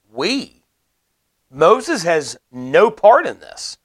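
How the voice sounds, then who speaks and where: A man delivers a sermon with earnest conviction, his voice sitting somewhat high for a man. He explains scripture plainly and drives points home by repeating them. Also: measured pace, fairly bright tone. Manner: earnest, explanatory preaching with emphatic repetition. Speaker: preacher.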